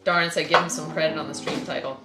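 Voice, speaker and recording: A woman's voice: deep voice, fairly even intonation, quick pace, recorded from a distance. A woman chatting casually on a stream, rambling and reading out viewer comments. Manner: rambling, reads out chat comments. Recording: echoey, away from mic, loud music.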